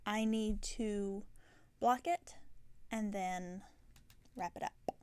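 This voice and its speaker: A tired woman hosting a knitting podcast, chatting casually and rambling, with soft half-whispered asides. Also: mid-range voice, steady tone, drawn-out words, slight background noise. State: tired and yawning. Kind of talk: casual chat. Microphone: self-filmed camera.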